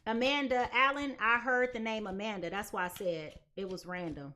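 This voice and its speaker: A young adult woman giving a live tarot reading in a chatty, animated way, now and then acting out quoted voices. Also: medium pitch, moderate pace. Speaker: tarot reader.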